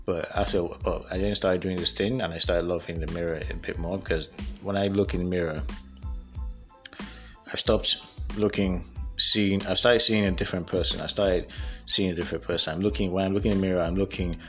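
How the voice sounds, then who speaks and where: A man's voice: deep voice, fairly even intonation, a little fast, a bit bright, soft background music. A man from Africa hosting a solo motivational podcast. He talks candidly and rambles, and he often laughs at himself. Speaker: podcast host.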